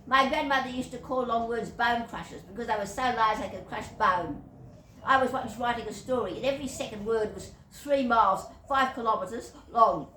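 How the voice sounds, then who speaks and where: An older Australian woman, a YouTuber, rambles through a monologue of whimsical anecdotes, chuckling and digressing as she goes. Her voice is a little high, pushed, and bright at normal speed. The distant mic picks up an echoey room and faint hiss.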